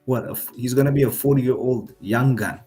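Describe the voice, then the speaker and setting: A man with a husky, slightly worn voice talks through casual fight-night banter on a podcast. He stammers and restarts his sentences, digging in and repeating his points when challenged. Faint music plays underneath. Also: medium pitch, fairly quick, dark tone. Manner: stammering, defensive, repeats himself. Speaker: MMA podcast co-host.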